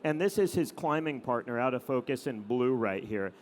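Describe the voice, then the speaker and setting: A middle-aged man, a photographer, telling anecdotes to an audience in a relaxed storytelling manner with frequent "um" and "you know". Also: mid-range voice, normal speed, a little hiss or hum. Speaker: adventure photographer giving a talk.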